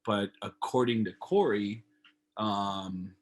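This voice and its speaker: A man, a comedian guest on a video call, telling stories in a casual, animated way and acting out phone calls. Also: on the low side, slow pace. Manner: animated storyteller, acts out phone calls in raised voices.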